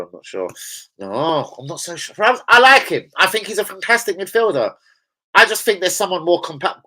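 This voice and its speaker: A man's voice: high-pitched, sharp tone, poor audio. Sweary London man chatting live. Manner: slangy and sweary, rambling anecdotes. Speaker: football fan live streamer. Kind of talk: casual live-stream chat. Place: indoors at home in a village.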